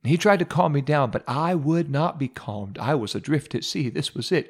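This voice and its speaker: A man hosting a radio devotional, telling a humorous, self-mocking story with dramatic pauses. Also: a little high, lively intonation, slightly rough.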